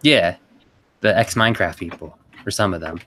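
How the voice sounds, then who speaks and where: A man chatting casually before a tabletop game, relaxed and quick to laugh. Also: sits low, a little hiss or hum.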